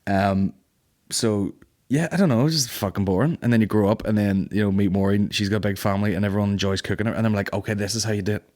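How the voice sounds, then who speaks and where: A man's voice: fairly low pitch, fast talker, a little mellow. A man hosting a comedy podcast, telling sweary stories in a casual monologue and acting out the people in them. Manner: sweary storytelling, acting out quoted voices. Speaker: podcast host.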